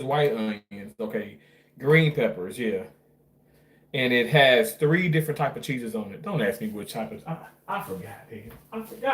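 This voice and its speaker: A man's voice: on the high side, recorded from a distance. Man, rambling casual vlog talk, off-mic, echoey kitchen. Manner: chatty, rambling, casual swearing. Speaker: cooking vlogger. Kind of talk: casual home cooking vlog. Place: home kitchen. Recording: echoey room, voice off-mic, faint noise.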